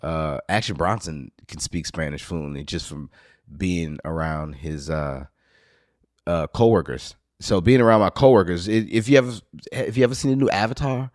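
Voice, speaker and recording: This man hosts a podcast from New Orleans, and his local accent carries a meandering, swear-filled tale told as an easygoing monologue with sudden excited high bursts. His pace is moderate, and the clean studio recording has no room sound.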